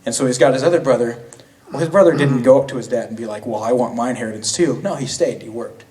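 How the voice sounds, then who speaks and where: A man's voice: mid-range voice, fast talker, darkish tone. A young man preaching a sermon in a casual, slangy way, retelling a story with frequent restarts in a church. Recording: voice from a distance.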